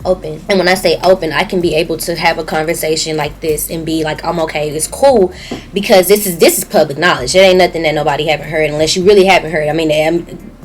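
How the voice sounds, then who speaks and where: A young woman with a Southern US accent talks candidly and emotionally to her viewers in a personal YouTube video diary. Her voice is deep and her pace quick. The recording quality is low.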